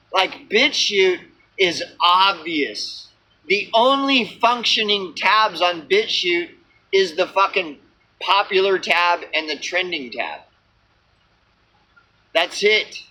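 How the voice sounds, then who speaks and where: A man's voice: high-pitched, slow, bright, forceful tone, low-quality recording. A man ranting into his camera for his small channel, unscripted and profane, full of fillers, restarts and repeated words. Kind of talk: rambling unscripted rant to camera.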